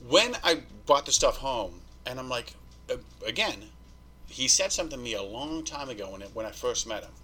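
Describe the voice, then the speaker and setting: A man telling his story as a podcast guest, animated and swearing, acting out what people said to him. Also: mid-range voice, fairly quick, breathy edge. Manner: animated, swearing, acts out quoted dialogue. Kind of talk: storytelling interview.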